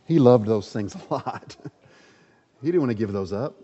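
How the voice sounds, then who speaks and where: A man's voice: medium pitch, expressive, moderate pace, dark tone. A man preaching a sermon, reading scripture aloud and repeating lines with rising emphasis, in a large hall. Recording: muffled sound with long hall reverb.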